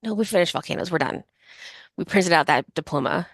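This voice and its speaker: A woman's voice: on the low side, animated, brisk, creaky, no room sound. A woman from Chicago co-hosting a podcast, chatting casually and rambling with lots of fillers. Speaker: podcast co-host. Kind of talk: casual chat.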